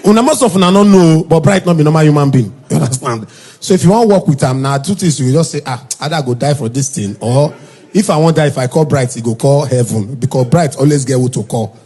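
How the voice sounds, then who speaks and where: Husky Nigerian Pidgin comedian storyteller. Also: male voice. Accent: Nigerian Pidgin English. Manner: switches into high shouted quoted voices. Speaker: stand-up comedian. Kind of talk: comic storytelling monologue.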